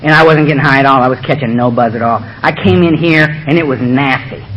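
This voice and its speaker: A man's voice: mid-range voice, fast talker, fairly bright tone, dull audio, slight background noise. A man speaking at a recovery meeting, blunt, emphatic and humorous, with a lot of swearing. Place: meeting room.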